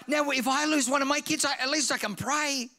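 A man preaching a sermon in an animated, comic way, repeating phrases and acting out voices. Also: extremely high pitch, brisk.

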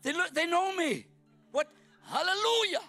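A middle-aged Welsh man from Wales preaching as a guest speaker at a church service, joking and bursting into shouts. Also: very high voice, expressive, normal speed, creaky, faint music behind. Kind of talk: sermon.

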